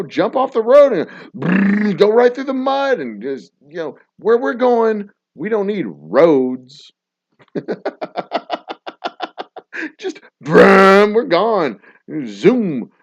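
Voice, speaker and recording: A man's voice: high-pitched, darkish tone, muffled recording. A man co-hosting a casual podcast chat over drinks, ranting with lots of profanity and laughter. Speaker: podcast co-host.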